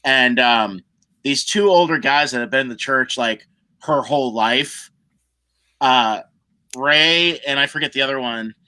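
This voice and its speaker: Casting note: male podcast guest, brisk and bright, who acts out the voices of the people in his stories. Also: medium pitch, clear, resonant tone. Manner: animated storyteller who acts out other people's lines. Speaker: guest musician. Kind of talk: casual podcast storytelling.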